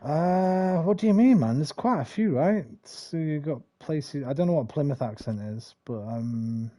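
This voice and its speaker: A man's voice: a little high, measured pace, mellow. A man in his forties from England, rambling and swearing while chatting over a game. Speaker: gaming streamer. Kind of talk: casual gameplay commentary.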